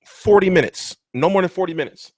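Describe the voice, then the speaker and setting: A man's voice: high-pitched, expressive, a little fast, dry recording, clean studio sound. A man hosting a casual boxing livestream, rambling and joking crudely as he chats. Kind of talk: casual live-stream chat.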